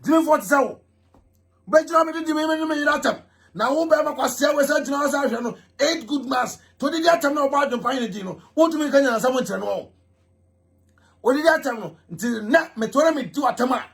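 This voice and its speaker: A man ranting loudly as a vlog host, repeating himself and mocking. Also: extremely high pitch, lively intonation, a little fast, vocal fry. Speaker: vlogger host. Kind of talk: animated ranting commentary.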